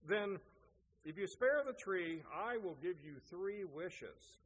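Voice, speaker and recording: A man voicing a magical forest fairy who slowly offers wishes, his voice lifted high. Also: lively intonation, fairly bright tone, full character voice. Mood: solemn offer. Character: magical forest fairy, gracious wish-granter. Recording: echoey hall, faint noise.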